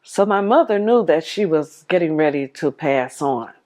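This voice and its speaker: A woman's voice: low-pitched, expressive, normal speed, a little mellow. A woman telling her life story to the camera, heartfelt and vivid, replaying old conversations as dialogue. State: tearful at moments.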